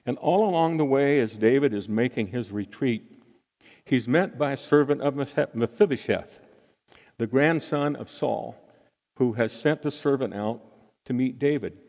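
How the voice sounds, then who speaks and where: A male pastor delivers an earnest, unhurried sermon, letting his phrases settle between pauses. His mid-pitched voice has a gravelly edge. The sound rings with the long reverb of a church hall. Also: darkish tone.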